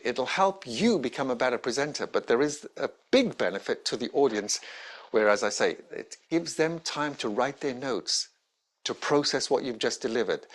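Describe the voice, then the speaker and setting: Speaking to camera in a mid-range voice, a man who trains people in presentation skills delivers an instructional talk. He uses emphatic, varied intonation and pauses deliberately.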